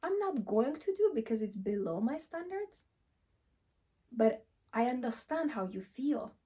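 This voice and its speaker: A woman coach speaks seated to camera, mellow and a touch high in pitch. She talks emphatically, hammering the same phrases again and again. She throws out rhetorical questions as she advises. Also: sing-song, unhurried. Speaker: relationship coach. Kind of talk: direct advice monologue to camera.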